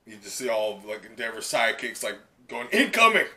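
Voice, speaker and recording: Brief: male reaction host, rambling and excitable, with a bright, tense voice. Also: on the low side, fairly quick, slight background noise. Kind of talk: live comic reaction.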